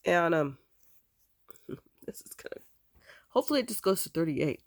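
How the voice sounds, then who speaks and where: Middle-aged woman with a creaky, gravelly voice recounting a personal family memory in loose, rambling speech. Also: fairly low pitch, big pitch swings, moderate pace. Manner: rambling, repeats "I said" as she recounts dialogue. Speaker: adopted daughter telling her family history. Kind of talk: casual spoken family story.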